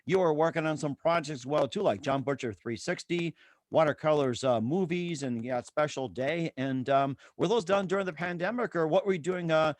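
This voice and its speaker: A man's voice: fairly high pitch, a little fast, no room sound. A man hosting a casual interview, asking long questions full of fillers. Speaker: interview host.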